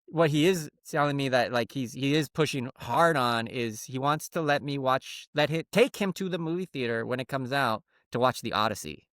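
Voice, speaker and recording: A middle-aged man and podcast co-host in casual comedic chat, telling stories and acting out his son in a higher voice. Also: normal speed, few pauses, dry recording, clean studio sound. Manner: animated storyteller, acts out his son in a higher voice.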